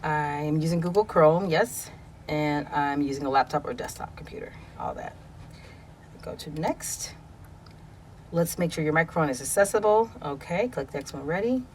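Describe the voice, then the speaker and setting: A woman voice actor talking casually through her home recording process, explaining each step in a quiet room on a studio microphone. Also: sits low, lively intonation, moderate pace, slight background noise. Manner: explanatory, chatty, self-correcting. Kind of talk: casual screen walkthrough. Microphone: studio condenser microphone.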